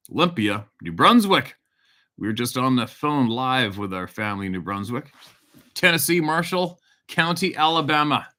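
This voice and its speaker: Bright-voiced man chatting on a livestream. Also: medium pitch. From Canada. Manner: reads out viewer locations, swears casually, tells stories. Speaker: hunting show host on a livestream. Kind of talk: casual live-stream chat.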